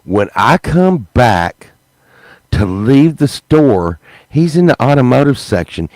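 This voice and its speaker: A man telling a profane, animated story on a podcast, acting out what people said. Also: medium pitch, slow pace, no echo, low-quality recording. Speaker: podcast host. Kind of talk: storytelling, casual chat.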